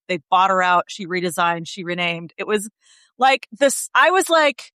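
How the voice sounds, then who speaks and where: A woman guest on a podcast, talking in a loose, candid way with plenty of swearing and lively tangents. Her voice sits at an ordinary middle pitch. The sound is close and dry, with no room around it. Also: a little fast, no room sound. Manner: candid and animated, swears freely. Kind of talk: casual podcast conversation.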